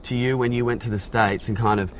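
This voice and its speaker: A man hosting a radio interview, asking quick, upbeat questions. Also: mid-range voice, fairly even intonation, slight background noise. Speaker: radio host. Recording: slightly muffled radio recording.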